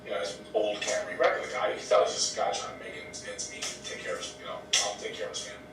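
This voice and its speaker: A man telling a story in a casual podcast interview, animated, blunt and profane, acting out what others said. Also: racing, far from the mic, over music. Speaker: guest. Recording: echoey room, off mic, faint rumble.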